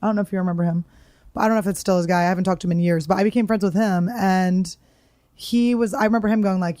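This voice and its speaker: A woman's voice: mid-range voice, racing, no echo, studio quality. A woman comedian telling stories in a casual chat, acting out the people she quotes. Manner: animated storyteller acting out quoted voices. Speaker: comedian guest.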